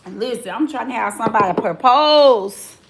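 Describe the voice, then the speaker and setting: A woman's voice: fairly high pitch, expressive, reverberant, slight background noise. A woman in her forties hosting a live-stream commentary, blunt and sassy, talking straight to her chat. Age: 40s. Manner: drawn-out, talks straight to the chat.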